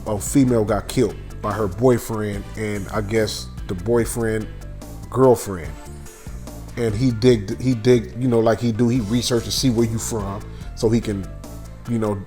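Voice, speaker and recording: A man's voice: on the low side, a little mellow. A man hosting a casual reaction commentary, rambling with lots of fillers and restarts. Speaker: reaction channel host.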